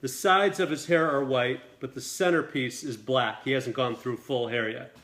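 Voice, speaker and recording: Dude telling a wild set story fast and lively, bright sharp voice. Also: male voice, medium pitch. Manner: quick, lively storytelling with acted quotes. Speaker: film director, guest. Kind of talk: animated anecdote telling. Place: dinner party table.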